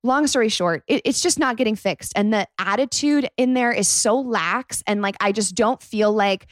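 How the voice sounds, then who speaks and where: A young woman in her twenties hosting a podcast, telling a rambling, animated story full of "like.". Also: a little high, normal speed, no echo, studio quality. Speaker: podcast host. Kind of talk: casual storytime monologue.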